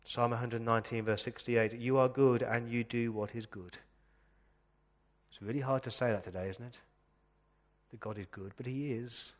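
A man preaching a sermon as pastor, earnest, slowing down to read scripture passages aloud. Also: medium pitch, big-room sound. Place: church.

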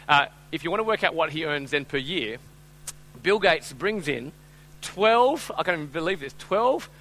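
Animated man, high bright voice. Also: slight background noise, low-quality recording. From Australia. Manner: animated, joking, coaxes audience to join in. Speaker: speaker. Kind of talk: humorous storytelling talk to an audience.

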